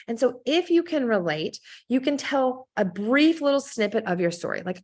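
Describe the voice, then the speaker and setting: A woman coaching a team on how to sell, talking upbeat and direct, often checking in with "okay?" and acting out sample scripts. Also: lively intonation. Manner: acts out sample scripts with quick pitch swings. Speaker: network marketing team trainer.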